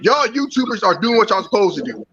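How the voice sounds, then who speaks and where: A man's voice: sits high, very animated, fast talker. A man on a livestream panel, talking in a heated, confrontational way and swearing freely. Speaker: panel guest. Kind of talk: casual livestream panel talk. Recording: muffled line with background noise.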